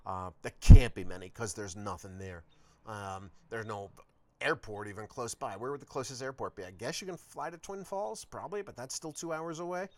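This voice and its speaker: A man's voice: mid-range voice, normal speed, a little mellow. A man hosting his own podcast, telling a long road-trip story in a rambling, casual, profane way. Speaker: podcast host.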